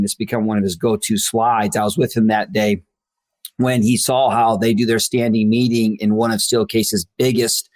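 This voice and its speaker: A man chatting casually in a discussion, with easy fillers as he tells an anecdote. His voice sits on the low side. The recording is dry and close. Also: no echo. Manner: casual, relaxed, filler-heavy. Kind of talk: conversational discussion.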